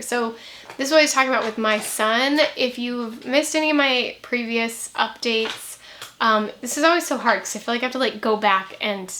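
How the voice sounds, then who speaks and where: A young woman vlogging to camera in a chatty, rambling way, talking quickly and laughing now and then. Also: on the high side, a bit bright, a little hiss or hum. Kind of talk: casual chat to camera.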